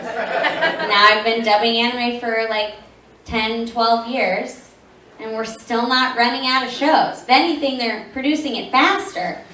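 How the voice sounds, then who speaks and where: A woman's voice: medium pitch, a little hiss or hum. A woman in her thirties, a voice actress telling stories at a convention panel and acting out the lines she quotes. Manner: animated storyteller acting out quoted dialogue, laughs often. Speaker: voice actress answering fan questions at a convention panel. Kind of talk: casual panel Q&A storytelling. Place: large convention panel room. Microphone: audience camera recording from the seats. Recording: echoey room recorded from far off.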